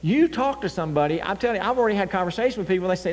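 High-voiced animated male preacher. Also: rapid-fire. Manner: animated, swinging from loud emphasis to near-whispers. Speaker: pastor. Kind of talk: sermon. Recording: long hall reverb.

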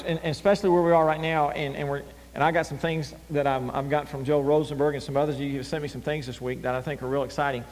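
A male pastor preaching a sermon, animated, swinging between loud emphasis and near-whispers. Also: fairly high pitch. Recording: long hall reverb.

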